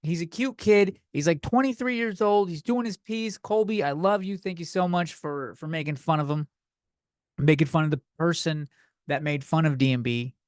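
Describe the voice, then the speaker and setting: A man's voice: a little high, normal speed, no echo, studio quality. A young man hosting a comedy podcast, ranting in a loose, profane, slightly tipsy way and a bit out of breath. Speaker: podcast host. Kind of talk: rambling comedic rant.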